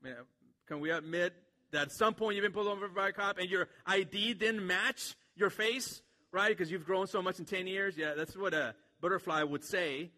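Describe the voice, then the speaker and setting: A man's voice: high voice, moderate pace, bright, forceful tone, in a large hall. A man preaching a sermon to a church congregation in a casual, joking way, with many fillers. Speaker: pastor.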